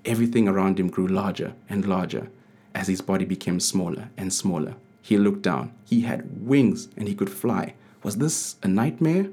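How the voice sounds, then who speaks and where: Deep husky male storyteller. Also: warm tone. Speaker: co-author reading his book. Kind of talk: storybook read-aloud.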